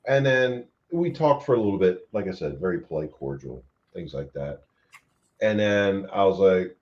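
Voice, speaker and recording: A man's voice: lowish voice, huge pitch swings, measured pace, pauses often, dull audio. A man chatting casually as host, telling a story animatedly and swearing freely. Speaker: paranormal investigator host. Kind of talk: casual chat.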